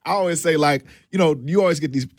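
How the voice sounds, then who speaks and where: Male host asking questions haltingly, casual and dry. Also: fairly high pitch, dry recording. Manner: halting, restarts his questions. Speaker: interviewer.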